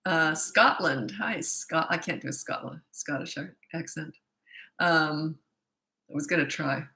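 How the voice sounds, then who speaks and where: A woman's voice: fairly low pitch, bright, forceful tone. Chatty older woman in an echoey room. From Canada. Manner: chatty and self-mocking, laughs often. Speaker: parenting coach. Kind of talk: casual livestream chat. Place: at home in British Columbia.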